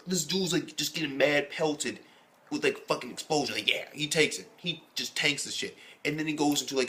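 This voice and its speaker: A man giving a casual, rambling recap of an anime episode as a reviewer, excitable and swearing heavily. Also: mid-range voice. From United States.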